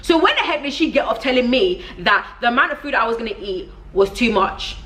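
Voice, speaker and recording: A Nigerian woman in her twenties, a vlogger giving a comedic rant in an animated, exasperated way and often breaking into laughter. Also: a little high, fairly quick, slight background noise.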